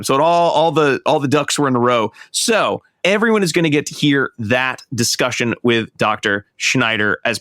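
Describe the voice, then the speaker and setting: A man co-hosting a podcast, talking at a middle pitch in a loose, rambling way and often restarting his sentences. The sound is dry and close, with no room echo. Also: pushed and bright. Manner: rambling, self-correcting, chatty. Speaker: podcast co-host. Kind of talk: casual podcast chat.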